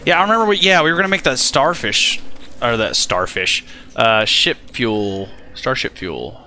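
A man talks through a game in loose, animated let's play commentary, chatting to the creatures he meets and swearing freely. His voice is bright and forceful, sitting at an average pitch. Faint noise hangs behind the recording. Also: moderate pace. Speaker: gaming channel host.

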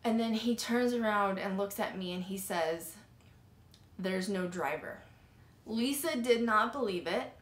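A woman's voice: fairly high pitch, normal speed, hardly any pauses. A woman hosting a paranormal podcast, telling her story casually and animatedly, with lots of "like" fillers and some swearing. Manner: animated, filler-heavy retelling with frequent "like" and swearing. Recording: roomy echo.

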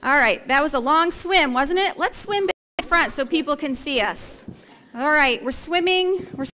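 A woman's voice: high voice, animated, normal speed, sharp tone, slight background noise. A woman pastor leading a playful, interactive children's story, coaxing the kids to act it out. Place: church sanctuary. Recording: echoey church hall.

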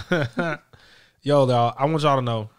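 A man hosting a podcast in relaxed, joking casual chat. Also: mid-range voice, clean tone. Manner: laid-back, joking, slow drawl. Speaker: podcast host.

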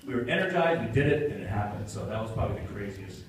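A man's voice: lowish voice, sing-song, fast. A man on a convention panel telling a story, acting out the quotes and laughing often, recorded from far off in a convention hall. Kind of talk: animated anecdote on stage. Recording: roomy hall, distant mic, noisy.

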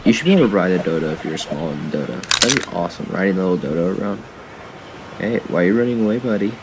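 A man's voice: deep voice, animated, very fast, noisy background. A young man giving casual, rambling commentary while he plays, chatting to his viewers and to the animals in the game. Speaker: gaming YouTuber.

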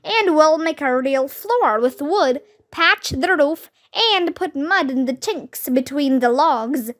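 A kindly frontier father from a storybook, speaking in a gentle, comforting way as a woman reads him aloud. His lines come slowly and evenly. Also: high voice, animated, full character voice. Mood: reassuring. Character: frontier father, warm and reassuring.

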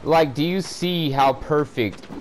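A man's voice: on the high side, takes it slowly, background noise. A man giving profane, frustrated commentary over a game walkthrough, ranting at the players watching. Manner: frustrated, swearing, exasperated rants. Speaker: gameplay commentator.

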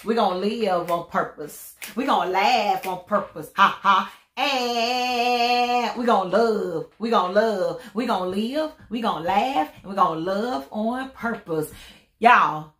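A woman's voice: medium pitch, measured pace, fairly bright tone, echoey room. Woman vlogger in pain, preaching faith. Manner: preachy, repetitive, sings out catchphrases. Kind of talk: casual faith-filled vlog chat.

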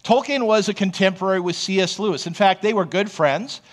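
A man's voice: sits high, a little fast. A man who is a pastor, preaching a sermon in a conversational, storytelling way and often checking in with the congregation. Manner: storytelling, animated.

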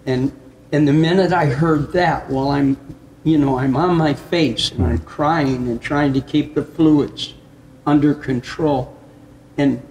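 Male pastor from the US Upper Midwest; reflective, unhurried testimony with soft chuckles. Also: a little high, vocal fry, slight background noise. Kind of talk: personal testimony in conversation.

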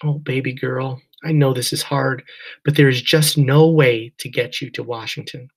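A man voicing a caring woman family friend, concerned and warm. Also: mid-range voice, fairly even intonation, moderate pace, vocal fry.

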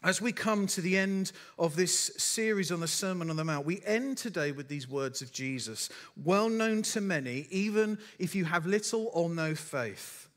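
A man's voice: high voice, expressive, normal speed, few pauses, a bit bright. A man as the preacher, giving a sermon and telling stories with dry, self-deprecating humour. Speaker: pastor.

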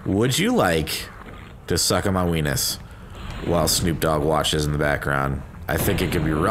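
Brief: male game commentator, bright forceful tone, lively swings, crude loud outbursts, faint background hiss. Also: low voice, moderate pace. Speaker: gaming commentator. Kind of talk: let's play commentary.

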